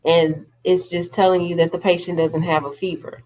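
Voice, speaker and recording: A woman's voice: on the low side, level tone, moderate pace, highs cut off. A woman teaching a class, explaining terms step by step in a plain-spoken way. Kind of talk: classroom lecture.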